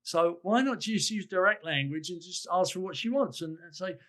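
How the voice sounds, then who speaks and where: A man with an English accent comments as a podcast guest, dissecting a recorded recruiting call. His delivery is lively, and he slips into quoted lines to act them out. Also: sits high, normal speed. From England. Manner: animated, acts out quoted lines. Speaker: sales consultant guest.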